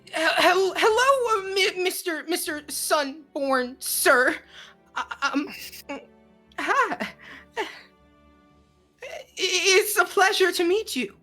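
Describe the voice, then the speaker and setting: A woman's voice: slow pace, hardly any pauses, fairly bright tone, soft background music. A woman doing a stammering, terrified little man. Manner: stammering, high and shaky.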